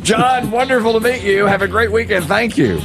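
A man hosting a call-in radio show, upbeat and quick to react, joking with the caller. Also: high voice, over loud music. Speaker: radio host.

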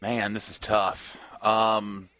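A man co-hosting a radio show, joking and animated as he guesses quiz answers and defends them. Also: fairly low pitch, takes it slowly, dry recording. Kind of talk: casual banter.

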